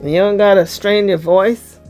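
A woman giving casual celebrity gossip commentary in a sassy, blunt, slangy way, her voice slightly hoarse. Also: mid-range voice, fairly even intonation, unhurried, a little mellow, faint music behind.

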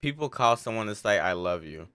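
A man's voice: on the low side, a little fast, clear, resonant tone, faint music behind. A young man hosting a casual reaction video, chatting animatedly about what he watches. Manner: animated, chatty, breaks into laughs.

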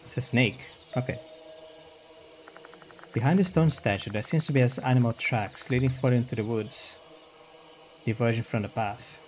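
A man streaming a horror visual novel, reading its narration and dialogue aloud in a plain voice and breaking off for quick reactions. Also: mid-range voice, slight background noise. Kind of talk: reading game text aloud with commentary.

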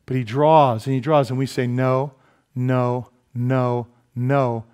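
A man preaching from the pulpit, pitch set in the everyday middle. He tells stories with animated asides and pokes fun at himself. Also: normal speed, clear, resonant tone. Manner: animated storytelling with asides and self-deprecating humor. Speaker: pastor. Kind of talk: sermon. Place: church sanctuary.

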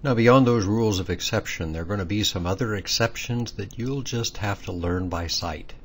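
A man's voice: fairly low pitch, moderate pace, fairly bright tone, breathy edge. A man giving a patient, methodical pronunciation lesson, explaining rules step by step and stressing the key words. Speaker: language teacher.

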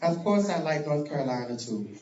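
A man's voice: fairly high pitch, animated, brisk, darkish tone. Drag performer guy chatting w fans, laughs a lot, echoey muffled room sound. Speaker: drag performer answering fan questions. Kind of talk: casual live Q&A. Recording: echoey, dull live-stream audio.

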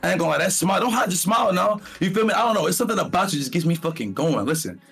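A man plays a brash, crude suitor on a comedy dating-show stream. He talks in fast, vulgar, drawling slang with a gravelly, husky edge and a high-pitched voice. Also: animated, fairly bright tone, faint music behind, exaggerated voice. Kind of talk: comedic pickup-line bit.

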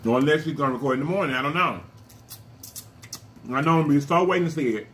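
A man's voice: fairly high pitch, fairly bright tone. A man hosting an eating vlog, talking playfully to his viewers between bites. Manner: playful, addresses viewers as y'all, food-filled pauses. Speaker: mukbang vlogger. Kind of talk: casual chat while eating on camera.

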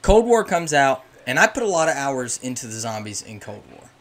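A man's voice: medium pitch, big pitch swings, normal speed. A young man, a gaming YouTuber, giving an opinionated, ranting commentary. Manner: opinionated and ranting, with emphatic swings. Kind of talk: casual commentary.

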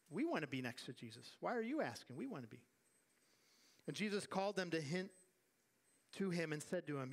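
Animated male pastor preaching a sermon. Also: on the high side. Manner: animated preaching with acted-out quotes and repeated refrains. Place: church sanctuary.

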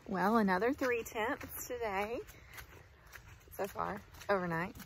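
Woman talking to her farm vlog viewers, chatty and heartfelt, mid pitch. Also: slow pace, long pauses, a little hiss or hum. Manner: chatty, heartfelt, says y'all a lot. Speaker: farm vlogger. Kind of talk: casual vlog chat to camera.

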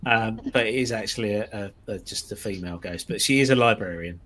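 A man narrating as game master, halting often with ums and small self-corrections, and sometimes laughing as he describes the scene. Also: on the low side, fairly bright tone.

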